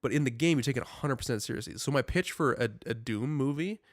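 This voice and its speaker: A young man talks in a loose, rambling way, full of filler words and sudden animated bursts. His pitch sits mid-range for a man. The sound is dry and close, with no room echo. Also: quick pace. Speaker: podcast co-host. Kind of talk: casual chat.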